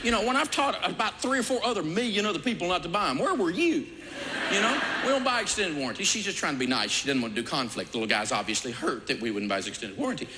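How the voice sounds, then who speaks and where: A man telling a personal story in a talk, with stammering restarts and lively delivery. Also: a little high, quick pace. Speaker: speaker. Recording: echoey hall with background noise.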